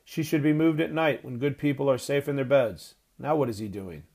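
A man's voice: mid-range voice, a little fast, husky. A man playing a stern, indignant grandfather. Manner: forceful, shouting protests.

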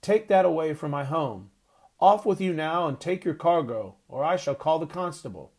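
A man reading the part of an elderly grandfather, calling out forcefully and protesting. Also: mid-range voice, brisk, close to an everyday voice. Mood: indignant. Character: indignant elderly grandfather, stern and proud.

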